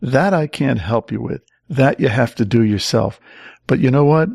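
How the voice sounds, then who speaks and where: A kindly old parish priest with a patient, gently teasing manner, as a man puts him on while telling a story. His voice is a little gravelly. The sound is dry and close. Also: medium pitch, moderate pace, dry recording. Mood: earnest. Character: kindly wry older male parish priest.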